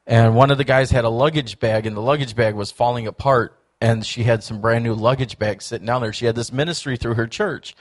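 A man's voice: mid-range voice, fairly quick, few pauses. A man preaching a sermon in a church, telling stories and acting out quoted voices. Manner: storytelling, animated, acts out quoted voices. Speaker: pastor.

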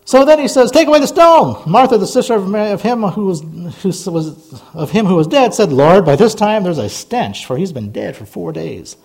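A man's voice: high voice, sing-song, normal speed, gravelly, darkish tone, husky. A man preaching a sermon, reading scripture with folksy asides and building to a fervent exhortation. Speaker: pastor.

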